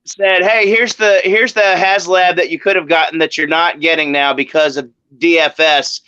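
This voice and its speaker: A man in casual chat, animated and slangy, heard over muffled call audio. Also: a little high, normal speed, clean tone, dry recording.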